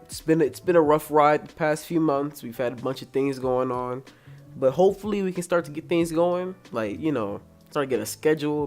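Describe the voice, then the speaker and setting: A man's voice: fairly high pitch, a little fast, a little mellow. Rambling young man hosting a solo podcast. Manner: rambling, joking, casually profane. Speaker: podcast host. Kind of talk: casual solo podcast chat.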